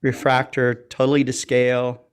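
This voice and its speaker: A man talks in a loose, rambling way, full of "uh" and "you know". He pokes fun at himself and laughs easily. It sounds like relaxed banter on a hobby livestream. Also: medium pitch, normal speed, smooth. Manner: joking, self-deprecating, laughs often; loose and rambling with many fillers. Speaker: co-host of an astronomy community livestream. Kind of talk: casual chat.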